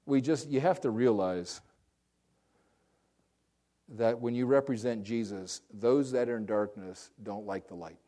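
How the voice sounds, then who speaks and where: Mellow-voiced man preaching with passion. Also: mid-range voice, a little slow, pauses often. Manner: impassioned storytelling with frequent restarts and repeated words. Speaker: pastor. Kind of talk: sermon.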